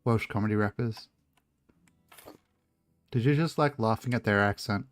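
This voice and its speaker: A man's voice: fairly low pitch, normal speed, long pauses, no room sound. A man chatting casually and joking as he streams a video game, swearing freely. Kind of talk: casual chat while gaming.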